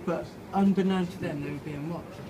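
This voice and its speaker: A man's voice: a little high, steady tone, mellow. Tipsy man telling a story outdoors. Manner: halting, playful, loose with restarts and swearing. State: slightly drunk. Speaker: author reading his own story. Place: outside a pub. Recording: noisy outdoor pub ambience.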